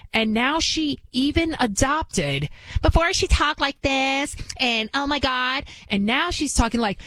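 A woman's voice: medium pitch, fairly bright tone, no room sound, poor audio. Indignant woman commentator, dry close sound. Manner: indignant, rhetorical questions, frequent restarts. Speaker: political commentary host. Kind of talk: opinion commentary. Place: New York City.

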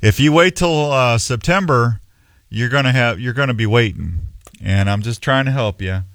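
A man's voice: medium pitch, moderate pace, fairly bright tone, dry recording, studio quality. A middle-aged man hosting a show in a rambling, folksy, self-mocking way. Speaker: radio show host. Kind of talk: casual on-air chat.

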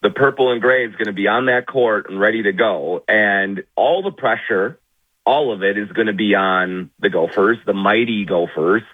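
A man's voice: on the low side, normal speed, husky. Sarcastic man calling in by phone. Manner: mock-humble, sarcastic. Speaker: phone-in guest. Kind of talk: sports radio banter. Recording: phone line.

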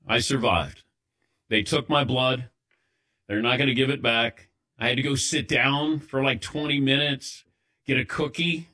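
A man's voice: mid-range voice, takes it slowly, long pauses, bright, forceful tone. A man hosting a sports talk show, telling wry, self-deprecating stories in casual chat while a little lightheaded. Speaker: sports radio host.

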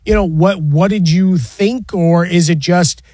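A male sports radio co-host with a slightly raised pitch, talking casually and peppering his points with questions. His voice is dry and close to the mic. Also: unhurried, warm tone, no echo. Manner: conversational, tossing in filler questions.

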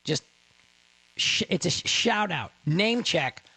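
Gravelly-voiced chatty man. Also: sits high, animated, takes it slowly, sharp tone, no echo. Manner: rambling, self-interrupting, enthusiastic. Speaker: radio show host. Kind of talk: casual radio chat with giveaway promo.

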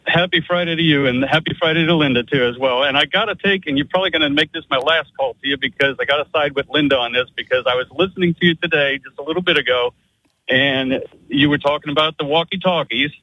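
A man's voice: on the high side, quick pace, no room sound. A man from Pennsylvania calling into a radio show, hesitant and teasing. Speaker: caller. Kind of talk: phone call to radio show. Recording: muffled phone line.

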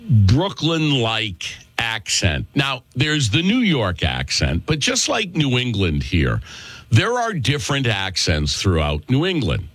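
A man's voice: mid-range voice, wildly swooping pitch, takes it slowly, a bit bright, slightly rough, no echo. A male talk show host with a Worcester, Massachusetts accent, delivering a chatty, opinionated monologue and calling listeners folks.

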